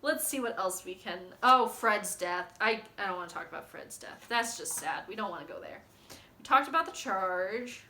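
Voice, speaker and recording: Young woman book vlogger, gushing and rambly. Bright, slightly high voice in an echoey room. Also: lively intonation, moderate pace, slight background noise. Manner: gushing, rambling, with many likes and ums. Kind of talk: casual book chat reading passages aloud.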